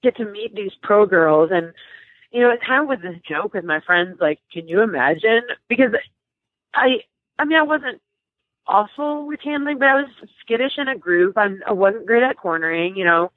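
A young woman telling a story in a casual interview, animated and emotional, with many restarts and laughs. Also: medium pitch, normal speed, dry recording. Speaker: guest. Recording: dry, tinny phone-like line.

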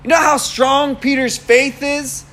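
Young male preacher, high voice, casual and animated, laughs often. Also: a little slow. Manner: conversational, animated storytelling with laughs. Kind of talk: casual sermon.

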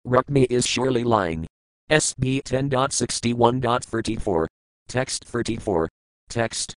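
A man's voice: mid-range voice, dry recording, poor audio. Man reading scripture glosses, dry. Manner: measured, list-like reading of terms and glosses. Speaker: scripture reader. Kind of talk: scripted recitation of verses with word meanings.

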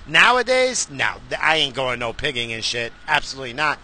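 A man on a profane comedic rant, heated and swearing, who now and then bursts into shouts. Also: mid-range voice, very animated, a little fast.

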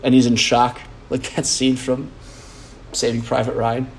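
A man's voice: medium pitch, monotone, measured pace, vocal fry. A man, a podcast host, rambling in a casual monologue, blunt and profane, full of "like" and restarts.

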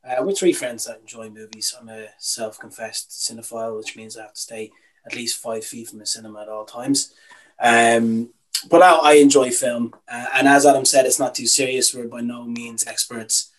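A man's voice: medium pitch, fairly even intonation, normal speed, poor audio. Opinionated Irish man ranting casually. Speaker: podcast co-host. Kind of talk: casual podcast chat.

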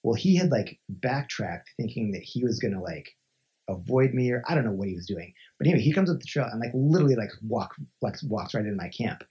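A man from Montana, a podcast guest, telling a story in a lively, conversational way and acting out the voices he quotes, with many filler "like"s. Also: on the low side, fast, husky. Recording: dull lo-fi recording.

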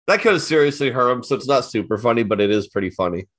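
A man's voice: medium pitch, lively intonation, fast talker, a bit bright, dry recording. Male podcast co-host, casual and laughing, mid voice, dry booth sound. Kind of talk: casual chat.

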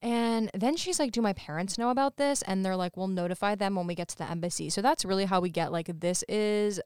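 A woman's voice: mid-range voice, brisk, darkish tone, smooth, dry recording, studio quality. A woman co-hosting a podcast, chatting casually and retelling movie scenes by quoting the characters. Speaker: podcast co-host. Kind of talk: casual chat recapping a movie.

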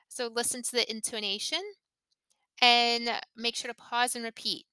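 A woman hosting an English podcast, slowly modeling tongue twisters and intonation for learners to repeat. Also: on the high side, flat delivery, pushed and bright, smooth, dry recording. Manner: careful, deliberate modeling of intonation. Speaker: English teacher and podcast host. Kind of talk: slow, clear pronunciation lesson.

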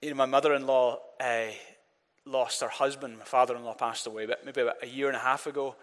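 A man's voice: mid-range voice, fairly even intonation, fast, a bit bright. A man preaching a sermon in an earnest voice, often repeating words and leading the congregation in call-and-response. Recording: long reverb of a church hall.

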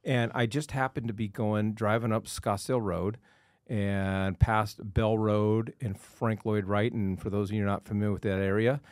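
A man hosting a real estate podcast, telling a story in an animated, emphatic way. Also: lowish voice, normal speed, no echo, clean studio sound. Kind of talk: casual chat.

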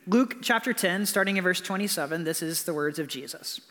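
A man's voice: high voice, brisk, hardly any pauses, a bit bright, big-room sound. A man preaching a sermon as pastor in a church, in a conversational way with frequent "right?" asides. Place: church building.

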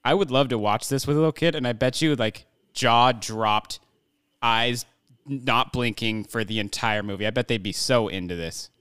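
Male co-host, excitable and profane, laughs a lot, dry close recording. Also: medium pitch, normal speed, clear, resonant tone, no echo. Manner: excitable, swears casually, laughs often. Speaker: podcast co-host. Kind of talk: casual movie review chat.

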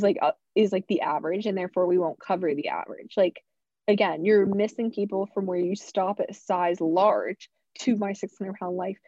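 A woman's voice: medium pitch, mellow, dry recording. A woman co-hosting a podcast, chatting casually with sarcastic asides and many "like" fillers. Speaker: podcast co-host. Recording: dull, dry lo-fi sound.

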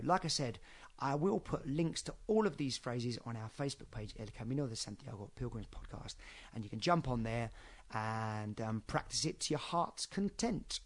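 A man's voice: medium pitch, expressive, normal speed. A man hosting a podcast, giving a casual spoken lesson in a chatty, rambling way with lots of fillers. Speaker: podcast host.

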